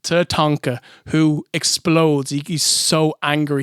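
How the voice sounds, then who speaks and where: A man, a podcast co-host, recaps a wrestling angle with comic relish. His voice is smooth and resonant and sits a little high. The sound is close and dry. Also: slow, no room sound. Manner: animated storytelling, mocking recaps. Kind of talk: comedic wrestling review chat.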